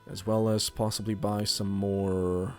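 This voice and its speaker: A man's voice: lowish voice, level tone, unhurried, darkish tone, faint music behind. A man giving casual let's play commentary, chatty and thinking aloud while he plays. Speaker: gaming youtuber.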